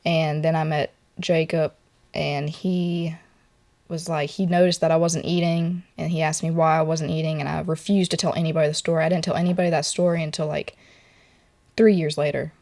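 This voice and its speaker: A young woman, speaking softly and haltingly with many filler words as she tells a personal story while sitting for a portrait in an artist's studio. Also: deep voice, level tone. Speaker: portrait model interviewee.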